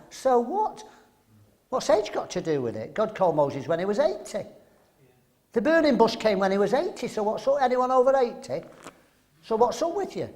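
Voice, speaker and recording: Older english guy preaching, high voice, punchy, keeps firing questions at the crowd. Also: a little mellow. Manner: emphatic, rhetorical questions, acts out voices. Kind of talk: sermon.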